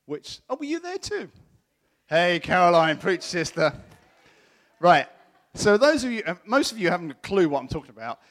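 A middle-aged man delivers a sermon, animatedly recounting a personal story and imitating the voices of the people he quotes. His voice sits on the high side.

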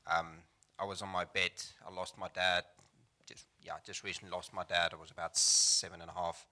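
A man's voice: sits low, level tone, a little fast, sharp tone. A man giving a personal testimony in church, hesitant with many ums, plain and sincere. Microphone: microphone.

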